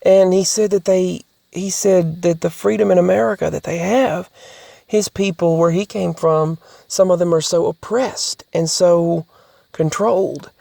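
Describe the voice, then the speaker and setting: Gravelly, halting vlogger talking close and dry. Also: medium pitch, steady tone, mellow, dry recording. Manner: halting, with frequent restarts and repeated words. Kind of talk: casual podcast-style monologue.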